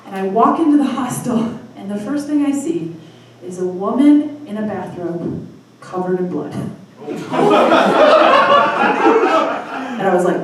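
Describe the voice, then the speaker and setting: A woman in her thirties from Michigan hosting a live storytelling night, telling a personal story in a chatty, self-deprecating way with quick asides. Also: mid-range voice, animated, far from the mic. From Michigan, USA. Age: 30s. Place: live storytelling venue with audience. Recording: echoey room from afar, faint noise.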